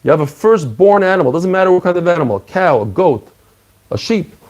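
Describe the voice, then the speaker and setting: Animated man teaching Talmud. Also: high voice, fairly quick. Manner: animated, acts out dialogue, mixes Hebrew and Aramaic terms. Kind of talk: lively Talmud class.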